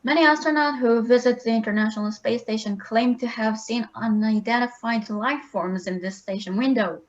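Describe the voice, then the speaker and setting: A woman in the audience asks a question over a video call. Her voice sits fairly high, and the muffled audio dulls it. She starts tentatively. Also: normal speed.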